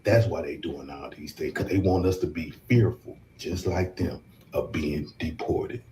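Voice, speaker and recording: A man's voice: extremely low pitch, steady tone, unhurried, dark tone, a little hiss or hum, poor audio. A man giving impassioned commentary, repeating his points with emphasis. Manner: emphatic, repetitive.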